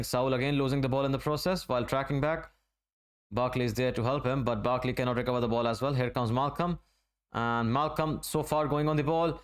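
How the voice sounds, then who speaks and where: A man from Asia giving relaxed, running play-by-play commentary during a live football watch-along stream. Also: medium pitch. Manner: running play-by-play, conversational and unhurried.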